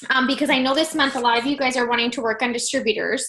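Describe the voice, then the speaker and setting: A woman's voice: high voice, fairly even intonation, very fast, a bit bright. A woman in her thirties coaching her team on a video call, chatty and upbeat, saying "like" and "you guys" a lot. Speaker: team leader.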